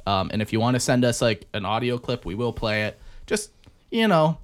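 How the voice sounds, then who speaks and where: A man's voice: medium pitch, animated, normal speed. A man co-hosting a podcast, chatting casually in a loose, rambling way. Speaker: podcast co-host. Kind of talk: casual chat.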